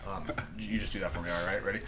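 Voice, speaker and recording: Podcast host, male; bright, eager, laughs a lot, lowish voice. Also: fast, a little hiss or hum. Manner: excited, laughing, quoting lines. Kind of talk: casual chat.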